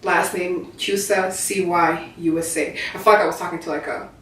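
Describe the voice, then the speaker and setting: A woman poet talking in a casual interview in an art gallery, animated and earnest, recorded from a distant mic. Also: fairly low pitch, moderate pace, heavy reverb, a little hiss or hum. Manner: animated, laughs easily, earnest. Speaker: poet and performer.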